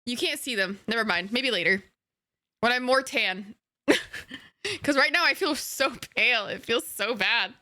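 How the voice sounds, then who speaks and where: A playful young woman from Egypt chats with her stream audience in a fairly high voice. She giggles often and swears freely in slangy asides. Her voice is close and dry, with no room sound. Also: expressive, measured pace, long pauses, pushed and bright, dry recording. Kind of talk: casual gaming stream chat with viewers.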